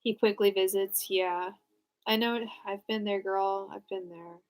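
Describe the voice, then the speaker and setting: A woman's voice: medium pitch, fairly even intonation, a little slow, darkish tone. A young woman giving casual live tarot readings, answering viewers in a frank, chatty way with lots of fillers and restarts. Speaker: tarot reader.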